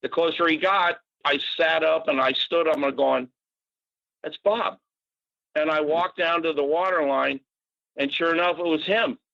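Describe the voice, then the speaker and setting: Bright-voiced older man telling stories. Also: fairly high pitch, normal speed, gravelly, dry recording. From Natick, Massachusetts. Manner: animated, swearing storyteller with fillers. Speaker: podcast guest. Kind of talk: casual storytelling. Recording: dull dry podcast audio.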